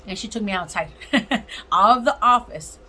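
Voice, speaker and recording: A woman casually telling a heartfelt personal testimony, animated and emotional, acting out what others said. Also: mid-range voice, a little slow, slight background noise, poor audio. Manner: animated, emotional, acts out other people's lines. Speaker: vlogger sharing a testimony.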